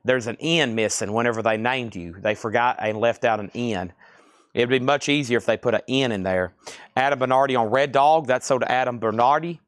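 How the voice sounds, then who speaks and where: A man with a Southern US accent from Tennessee, running a live record sale stream with fast, joking auction patter. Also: medium pitch, no room sound, clean studio sound. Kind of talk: live sales auction chat.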